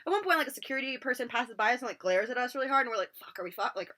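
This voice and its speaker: Fast-talking young woman telling a story. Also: high-pitched, expressive, sharp tone. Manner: rambling, swears a lot, constant filler words. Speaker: vlogger. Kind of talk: storytime vlog. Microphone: laptop built-in mic.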